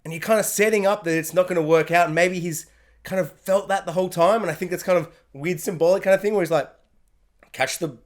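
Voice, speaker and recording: A young man gives an excited solo anime reaction review, gushing and acting out quotes from the show. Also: sits high, quick pace. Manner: animated, gushing, acts out quotes.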